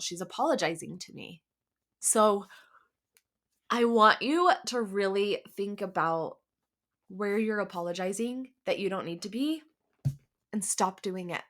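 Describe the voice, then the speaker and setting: Candid woman host, chatty and relaxed. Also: mid-range voice. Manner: candid, conversational, many "like" and "um" fillers. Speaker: podcast host. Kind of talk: casual solo podcast talk.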